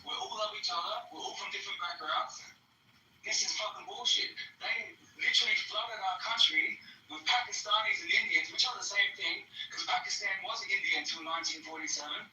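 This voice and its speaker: A man's voice: sits high, a little fast, sharp tone. A man with an Australian accent from Adelaide, calling in to a show with an aggressive, profane rant. The call sounds distant and echoey with faint hiss. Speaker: caller.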